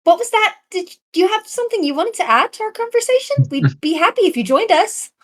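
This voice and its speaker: A woman's voice: extremely high pitch, very animated, a little fast. A woman playing an earnest, socially awkward young female adventurer who talks politely and apologizes a lot. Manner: polite, eager, overly apologetic.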